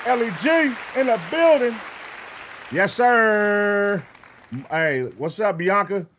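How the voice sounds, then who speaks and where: A man hosting a casual livestream, talking loose and slangy and half-singing shout-outs to viewers. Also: sits high, big pitch swings, moderate pace, some chatter behind, a little hiss or hum. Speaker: livestream reaction host. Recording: hip hop music playing behind.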